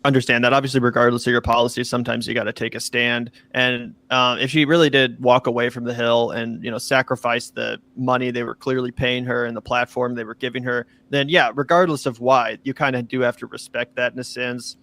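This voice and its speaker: A man commentating in a clip, speaking in a measured, agreeable way. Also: mid-range voice, level tone, a bit bright, no echo.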